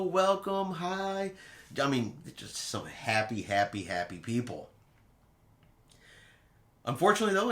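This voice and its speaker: A man hosting a travel vlog, telling a casual cruise recap in an animated way and acting out quotes dramatically. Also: mid-range voice, reverberant. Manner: animated storyteller who acts out quotes dramatically.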